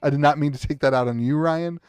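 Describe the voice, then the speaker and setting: A man's voice: on the high side, fast talker, clear, resonant tone, no echo. Hyped guy ripping packs on stream, rambly, keeps restarting, dry close mic. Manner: excitable, hypes up pulls with cheers and shouts; rambling, restarts sentences often. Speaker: host opening card packs live for viewers. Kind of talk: live stream chat while opening packs. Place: home streaming setup at a table.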